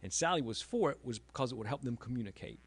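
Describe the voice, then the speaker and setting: A middle-aged man, an author and emergency room doctor, giving a halting talk with self-deprecating humor at a library event. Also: medium pitch, animated.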